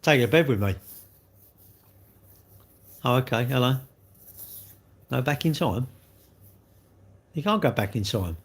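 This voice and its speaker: A man's voice: mid-range voice, expressive, measured pace, pauses often, breathy edge. An English man chatting on a live stream, rambling and blunt as he answers viewers in a slangy way.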